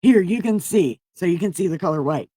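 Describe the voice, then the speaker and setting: A woman's voice: on the low side, animated, a little fast, warm tone, breathy edge, dry recording, studio quality. A woman voicing Jesus as a casual, flippant grown man with slangy, profane talk.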